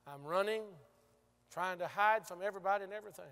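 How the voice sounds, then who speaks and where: Man preaching, high, bright and forceful, storytelling, loud then hushed, long church echo. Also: fast, smooth. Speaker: pastor. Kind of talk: sermon. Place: large church sanctuary.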